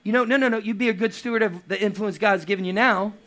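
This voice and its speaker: A man preaching a lively sermon with playful asides and acted quotes. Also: high voice, quick pace. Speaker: pastor.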